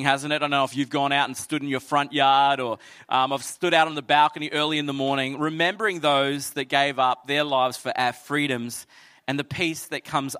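A young Australian pastor delivers a sermon, his voice sitting high and sounding bright and forward. He reads scripture and tells stories in an animated way, acting out the voices he quotes. The sound is close and dry, with little room. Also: dry recording. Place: church.

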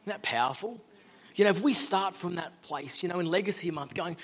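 A man's voice: high-pitched, fairly quick, a bit bright. A middle-aged Australian man giving an earnest, conversational sermon-style talk as a guest speaker. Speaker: guest speaker, law firm owner.

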